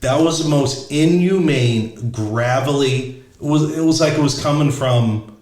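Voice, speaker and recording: A man's voice: a little high, a little slow, darkish tone, roomy sound. A middle-aged man telling a story casually, blunt and profane, often restarting as he searches for words. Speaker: podcast host.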